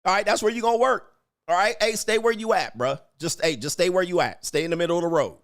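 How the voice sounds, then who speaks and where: Profane trash-talking guy ranting at his chat on a stream, bit high voice, dry close sound. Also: quick pace, fairly bright tone, no room sound. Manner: brash, profane, taunting, laughs at commenters. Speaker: livestream host reading chat. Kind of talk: ranting livestream commentary.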